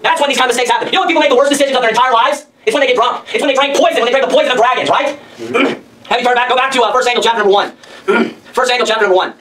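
A man preaches a sermon at a breakneck pace, his voice pitched very high. He hammers his points home with rhetorical questions and reads scripture aloud. He sounds set back from the mic, with a faint noise underneath. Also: rapid-fire, distant mic, a crowd in the background, rough recording.

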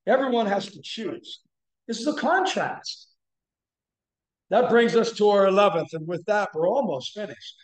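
A man preaching a sermon as a guest speaker, building to emphatic, shouted bursts. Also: high voice, normal speed. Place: church sanctuary. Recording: echoey church room.

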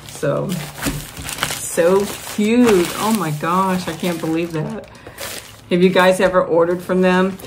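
A woman vlogger opening fan mail, gushing and excited as she talks straight to her viewers. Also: lowish voice, background noise. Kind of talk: casual mail-opening vlog.

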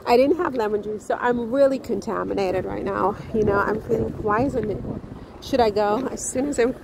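A woman's voice: mid-range voice, moderate pace, gravelly, noisy background. A woman vlogging to camera while walking outdoors, rambling with restarts and asides. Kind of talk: casual vlog talk to camera. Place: outdoors on town streets.

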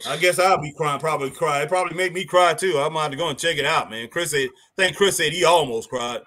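A man's voice: on the high side, quick pace, sharp tone. A man co-hosting a live wrestling watch-along, reading viewer comments and exclaiming at the action.

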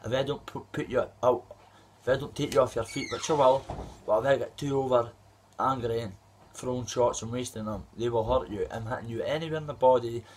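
In this trash-talking callout video, a thirties-aged Scottish amateur fighter lays into a rival with a rambling, aggressive tirade. He speaks fairly quickly at a medium pitch and a steady tone, with a little hiss or hum on the recording.

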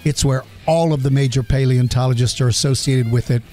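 A man's voice: mid-range voice, fairly even intonation, brisk, darkish tone, soft background music. A man hosting a podcast, answering listener questions in an earnest, chatty way and stopping to apologize for names he cannot pronounce. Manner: earnest and chatty, explains with simple comparisons; self-deprecating and apologetic over hard names. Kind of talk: casual podcast Q&A.

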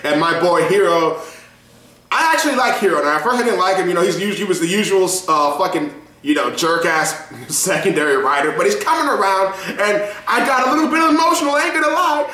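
A man giving a casual reaction review, excitable and profane, laughing often as he talks. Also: high-pitched, quick pace, roomy sound. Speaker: show reviewer.

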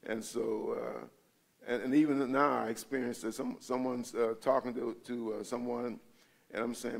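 A man with a gravelly, creaky voice teaches a Bible study as a pastor. He talks casually and conversationally, stopping often to check that his listeners follow. He is in a church. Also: medium pitch, level tone, moderate pace.

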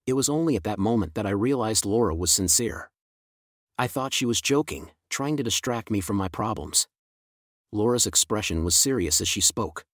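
Low-voiced man narrating a story. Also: animated, normal speed, no echo, studio quality. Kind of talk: scripted first-person story narration.

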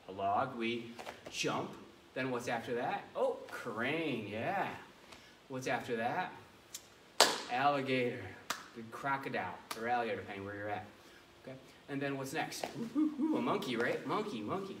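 In an echoey room recorded from a distance, a male martial arts teacher runs a children's karate class with playful command. His voice sits in the mid-range against a noisy background.

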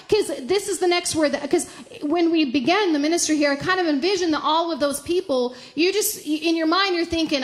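High voiced woman pastor preaching, lively, laughs a lot, middle aged. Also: normal speed. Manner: animated, rising high when acting out her prayers. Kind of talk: sermon.

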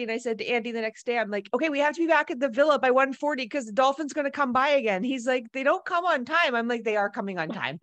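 A woman telling a personal travel story in a casual, animated way, laughing often and acting out the dialogue. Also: high voice, dry recording.

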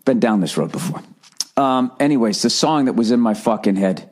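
A man's voice: mid-range voice, animated, brisk, a little mellow. A middle-aged American man hosting a solo podcast, ranting in a profane, sarcastic way. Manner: profane, sarcastic ranting with mocking sung bits. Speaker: podcast host. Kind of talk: rambling solo podcast monologue.

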